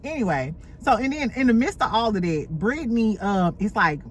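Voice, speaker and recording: A woman hosting a casual reality TV recap at home, animated and profane. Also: mid-range voice, normal speed, slight background noise. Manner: animated, mimics cast members, profane. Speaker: podcast host recapping reality TV.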